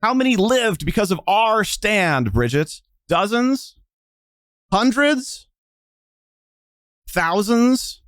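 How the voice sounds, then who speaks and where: A man voicing a grieving woman soldier captain who shouts defiantly through tears. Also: high voice, sing-song, takes it slowly, long pauses, dry recording, clean studio sound, voice pushed up, exaggerated voice. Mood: furious. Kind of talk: tabletop game role-play.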